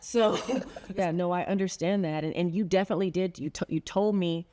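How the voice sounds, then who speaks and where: A woman's voice: lowish voice, steady tone, brisk, mellow. A middle-aged woman hosting a heartfelt sit-down conversation, telling a story earnestly and laughing often. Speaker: podcast host.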